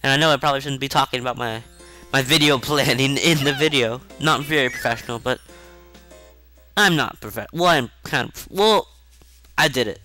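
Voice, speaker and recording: Bright-voiced man rambling over gameplay. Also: mid-range voice, normal speed. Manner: rambling, chatty, self-mocking asides; excitable outbursts during play. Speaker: video game let's-play host. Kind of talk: casual gameplay commentary. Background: faint game music.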